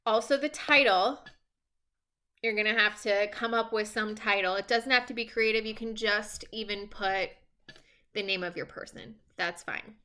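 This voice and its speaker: Bright-voiced woman teacher giving instructions. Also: medium pitch. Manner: casual, reassuring, checks in with frequent "okay?". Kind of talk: recorded remote class instructions. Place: at home.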